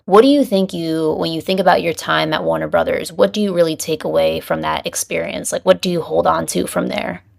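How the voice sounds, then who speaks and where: A woman's voice: fairly low pitch, fairly even intonation, brisk, vocal fry, hardly any pauses. A woman hosting a podcast, asking earnest, encouraging questions. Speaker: podcast host. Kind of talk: interview conversation.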